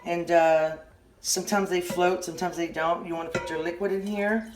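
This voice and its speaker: A middle-aged woman with a Southern US accent giving a casual kitchen how-to, rambling and halting, often stopping mid-sentence to restart. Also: lowish voice, fairly even intonation, music in the background. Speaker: home cooking channel host.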